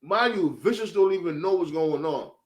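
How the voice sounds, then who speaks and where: A man giving a casual, animated, profane recap of a show, full of slang. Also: a little high, normal speed. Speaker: show reviewer.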